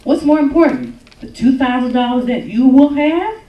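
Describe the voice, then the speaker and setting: A woman giving a joking, lively talk on relationships at a church service, acting out little quotes as she goes. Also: sits high, normal speed, highs cut off. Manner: animated, joking, acts out quotes. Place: church hall with congregation. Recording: echoey hall, mic from far off.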